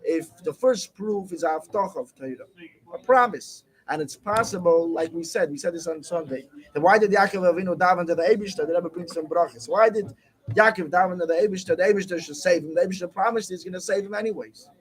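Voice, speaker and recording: A man's voice: high-pitched, fast talker, low-quality recording. A man teaching a Torah class, reading the text aloud, then asking and answering his own questions.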